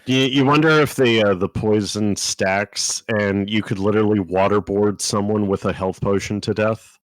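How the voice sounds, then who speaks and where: A man with a fairly low voice chatting on a book podcast, trading crude jokes and swearing freely. His voice is dry and close, with no room sound around it. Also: fairly even intonation, moderate pace, no echo. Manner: crude, joking, laughs at his own lines. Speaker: podcast co-host. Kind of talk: casual book-club chat.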